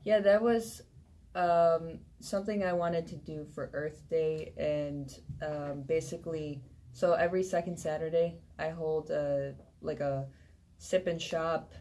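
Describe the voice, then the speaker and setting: A woman who owns a shop, talking in a relaxed, hesitant way with many fillers as a guest on a radio show. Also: low voice. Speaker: vintage shop owner, guest. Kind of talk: casual radio interview. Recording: faint ambient noise.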